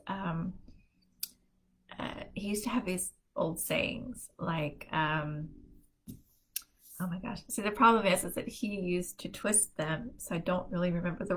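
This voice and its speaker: A middle-aged woman with a slightly low-pitched voice hosts a casual live stream. She talks in an easy, chatty way and often breaks into laughter as she tells family stories. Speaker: host of a positivity live stream.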